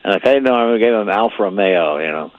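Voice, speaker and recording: An older man telling stories in a casual chat. He rambles and repeats words, and grows animated as the story builds. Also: fairly low pitch, fast, no room sound, highs cut off.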